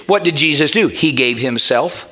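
A man preaching a sermon as pastor, emphatic and rising to shouts. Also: fairly high pitch, lively intonation, moderate pace.

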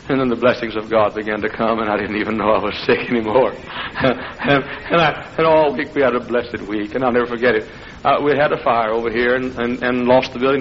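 A middle-aged man preaching an impassioned revival sermon that builds into shouting. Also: mid-range voice, a little hiss or hum. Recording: muffled old sermon recording.

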